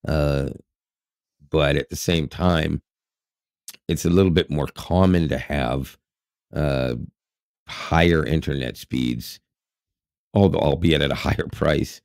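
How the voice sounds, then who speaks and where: A man from Canada with a very low, gravelly voice, co-hosting a podcast in easy, joking chat. He corrects himself mid-sentence. The sound is dry and close to the mic. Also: slow, pauses often, a little mellow, no echo. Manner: joking, chatty, self-correcting. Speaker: podcast co-host.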